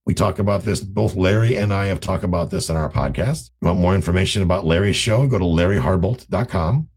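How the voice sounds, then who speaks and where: Man, very raspy, low, casual teaching talk, animated. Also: brisk. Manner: animated, acts out conversations in raised voices. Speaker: real estate investing educator.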